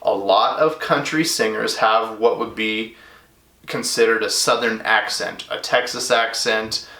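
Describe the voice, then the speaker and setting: Guy music teacher rambling through a lecture, bright forceful voice, echoey room. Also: lowish voice, steady tone, a little slow. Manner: casual, chatty, with fillers and asides. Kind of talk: recorded lecture to students.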